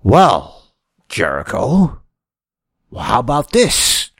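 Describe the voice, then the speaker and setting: A man's voice: mid-range voice, huge pitch swings, slow, a bit bright, breathy edge, no echo, clean studio sound, exaggerated voice. A man playing a scheming older male wrestling boss, announcing a match with mock grandeur.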